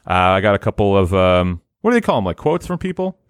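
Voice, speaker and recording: A man joking through a casual podcast chat, his pitch swinging up and down as he talks. He rambles and stalls on filler words while hunting for the next thought. The sound is close and dry. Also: big pitch swings, fast talker, clear, resonant tone, no room sound. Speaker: podcast co-host.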